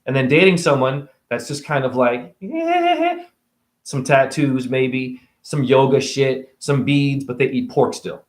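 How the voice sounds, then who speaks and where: A man's voice: medium pitch, steady tone, moderate pace, few pauses, echoey room. A man ranting to camera about spirituality, sarcastic and profane. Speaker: vlogger.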